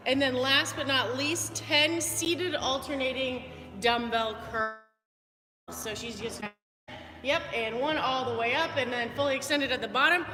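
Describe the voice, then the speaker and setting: A woman's voice: high-pitched, steady tone, a little slow, pushed and bright, long reverb tail, faint music behind. A woman fitness coach giving upbeat, chatty movement cues during a live workout.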